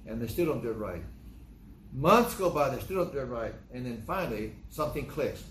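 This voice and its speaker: An older man preaching a sermon in a conversational, storytelling way, acting out dialogue with sudden jumps in pitch. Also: expressive, brisk, a bit bright, a little hiss or hum. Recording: echoey room.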